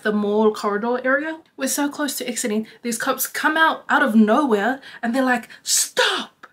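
A young adult woman telling a story to her vlog audience in a chatty, animated way, filling her talk with "like.". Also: a little high. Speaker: vlogger. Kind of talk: casual storytime.

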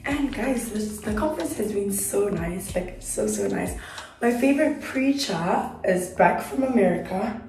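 A young woman from South Africa chatting casually to her phone camera at home while getting ready, her voice hoarse and half gone, rambling and correcting herself with little laughs. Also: medium pitch, lively intonation, unhurried, a little mellow, faint music behind. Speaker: YouTuber vlogging. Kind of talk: casual vlog chat to camera. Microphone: phone on a tripod.

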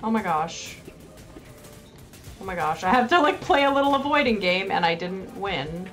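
A woman's voice: medium pitch, expressive, moderate pace, faint music behind. A woman commenting live on her gameplay, reacting with frequent exclamations and mild swearing. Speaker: game streamer.

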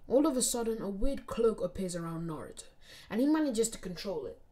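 A woman's voice: medium pitch, animated, brisk, mellow. Woman narrating a fan story. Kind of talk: reading a fan fiction story.

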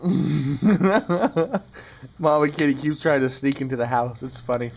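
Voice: medium pitch, fairly even intonation, fast talker, slight background noise. A vlogger at home filming cats, gushing in baby talk at the animals on a handheld camera. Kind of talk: casual home video. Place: at home by a doorway. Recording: dull lo-fi camera audio.

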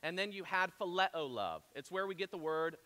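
A man's voice: high voice, expressive, moderate pace, bright, forceful tone, in a large hall. A man preaching a sermon to his church, telling stories in a chatty, conversational way with asides. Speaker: pastor. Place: church auditorium.

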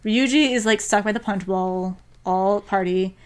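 Animated young woman recapping a story. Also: mid-range voice, a little slow, smooth. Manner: animated storyteller, heavy use of "like", acts out quotes. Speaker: podcast co-host. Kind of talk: casual chat recapping an anime episode.

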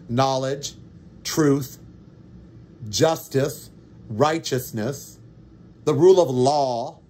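A man's voice: a little high, big pitch swings, slow pace, long pauses, warm tone, slight background noise. A man hosting a podcast, delivering an indignant, sarcastic political monologue. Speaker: podcast host.

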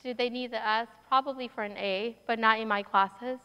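A woman's voice: fairly high pitch, steady tone, moderate pace, sharp tone, smooth. A woman with a Minnesotan accent, speaking as a guest in a university auditorium and answering audience questions in a reflective, conversational way. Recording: hall reverb, dull sound.

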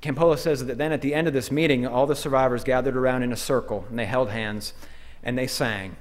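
Male pastor, mid-pitched voice, measured sermon delivery in a church, phrases that fade at the ends. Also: steady tone. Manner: measured preaching with pauses, endings trailing off quietly. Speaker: associate pastor. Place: church sanctuary.

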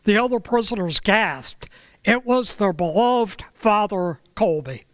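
A man preaching a sermon, telling a story in a slow, measured way with dramatic pauses. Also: high-pitched, lively intonation, no echo. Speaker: pastor.

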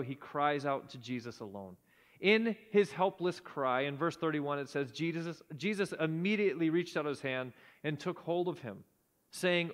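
A man preaching a sermon in earnest tones, often dropping to a hushed low voice for emphasis. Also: in a large hall. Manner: earnest, drops to a hushed low voice at key points. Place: church sanctuary.

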